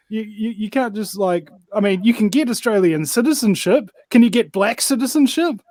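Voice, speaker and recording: High-voiced New man, dry sound. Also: lively intonation, moderate pace, a little mellow, no echo. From New Zealand. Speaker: guest. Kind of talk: casual chat.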